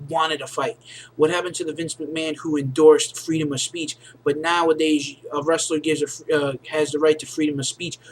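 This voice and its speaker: Rambling male wrestling reviewer, higher voice. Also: a little hiss or hum, rough recording. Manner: rambling, heavy on fillers like "you know" and "basically". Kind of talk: casual recap review.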